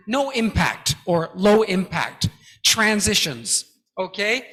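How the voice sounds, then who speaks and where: A man giving a guest lecture to academics, teaching slowly and emphatically and often checking in with "okay?". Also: high voice, expressive, a bit bright. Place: large lecture hall. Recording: long hall reverb.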